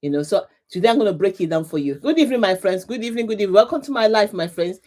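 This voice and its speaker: A woman's voice: medium pitch, animated, very fast, mellow. A middle-aged woman hosting a live motivational talk, speaking emphatically with lots of repetition and laughing often as she greets her viewers. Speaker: livestream host, coach.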